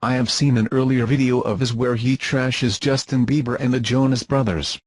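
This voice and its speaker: Husky, dry-voiced scornful man. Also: mid-range voice, steady tone, normal speed, no room sound. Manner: scornful, dismissive, formal wording. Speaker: commentator being rebutted. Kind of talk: scripted insult commentary.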